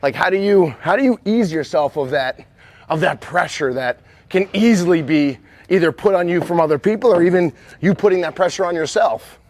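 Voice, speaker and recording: A man coaching and interviewing a softball player, encouraging and rambling, with many restarts in his questions. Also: high-pitched, expressive, a little fast, dry recording.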